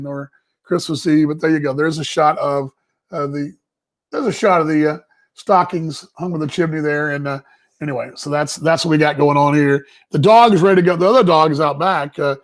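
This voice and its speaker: A man's voice: fairly high pitch, normal speed. A man hosting a casual baseball live stream from his family home, rambling and folksy with many fillers. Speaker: baseball show host.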